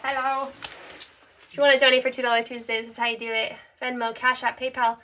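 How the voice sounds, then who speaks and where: Bright, giggly woman streaming from a cat shelter. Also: fairly high pitch, level tone, brisk, slight background noise. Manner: giggly, chatty, thanks viewers by name. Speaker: shelter livestream host. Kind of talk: casual livestream chat. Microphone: phone held in hand.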